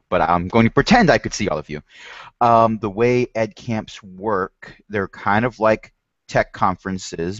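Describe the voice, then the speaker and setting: A relaxed, joking man teacher with a fairly low voice co-hosts an online session. He explains things casually over a video call. The sound is dull and dry. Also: no echo. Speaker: teacher and co-host. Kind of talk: casual online meeting talk.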